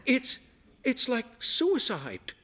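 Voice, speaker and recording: A man voicing an agitated woman diner whose voice is toneless and shrill, her speech halting and overwrought. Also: wildly swooping pitch, fairly bright tone, exaggerated voice. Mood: suspicious.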